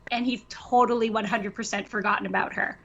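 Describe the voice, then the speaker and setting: A woman's voice: mid-range voice, steady tone, a little fast, a bit bright, highs cut off. A woman co-hosting a podcast, chatting about a movie in an amused, conversational way. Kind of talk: casual podcast chat.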